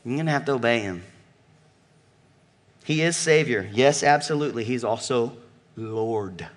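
A man preaching a sermon with emphatic delivery, shifting from loud calls to low murmurs and asking the congregation questions. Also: lively intonation, moderate pace. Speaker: pastor.

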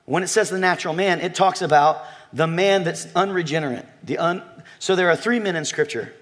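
A man preaching a sermon to a congregation, animated and joking, telling a story and talking directly to his listeners. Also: fairly high pitch, a little fast. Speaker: pastor.

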